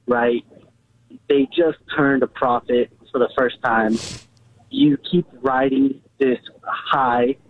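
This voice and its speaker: A man calling in to a sports radio show, earnest and repeating his points. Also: mid-range voice. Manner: earnest, repetitive. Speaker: caller. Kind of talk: phone-in caller. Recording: tinny phone line, dry.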